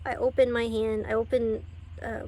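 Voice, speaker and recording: High pitched lady vlogging her testimony, teary and emotional, laughing thru it. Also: flat delivery, moderate pace, warm tone. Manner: emotional, tearful, breaks into laughter. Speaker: faith vlogger. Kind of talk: personal testimony vlog.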